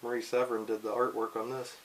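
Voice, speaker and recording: A man's voice: medium pitch, little pitch movement, quick pace, a little hiss or hum, poor audio. A man casually reading a comic book aloud to his daughters, playful and chatty. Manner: playful, slips into goofy character voices. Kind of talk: casual read-aloud with commentary.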